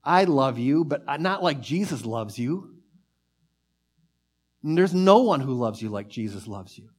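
A man preaching a sermon, fervent and earnest, surging up in bursts and dropping to soft, drawn-out lines. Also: medium pitch, expressive, husky. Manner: fervent, pace and volume swell then drop to soft near-whisper.

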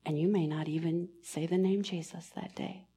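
A woman giving a sermon in church, earnest and pastoral, moving between emphatic lines and hushed, almost whispered ones. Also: fairly low pitch, steady tone, normal speed, breathy edge. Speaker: preacher.

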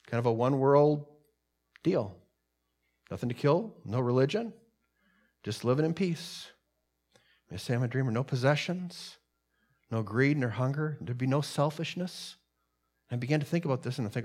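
A man preaching a sermon at a middle pitch. He builds up to fervent, louder peaks and then sinks to quiet, weighty lines. His delivery moves between a conversational tone and declarations. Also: expressive, a little fast. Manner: preaching with swelling emphasis, dropping low for solemn points. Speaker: pastor.

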